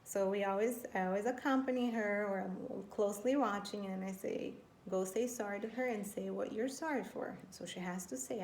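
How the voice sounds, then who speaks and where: A woman's voice: mid-range voice, moderate pace, few pauses, darkish tone. A woman in her thirties giving an earnest, conversational Christian talk on parenting, often circling back with "you know" and restarting her thoughts. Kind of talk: faith-based parenting talk. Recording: roomy, with faint background noise.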